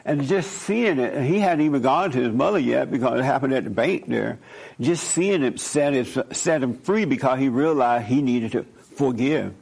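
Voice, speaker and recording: A man's voice: medium pitch, moderate pace, creaky, a little mellow, breathy edge. A man hosting a call-in talk show, preaching emphatically and repeating his points. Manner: emphatic, repeats points, chuckles while telling stories. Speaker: host.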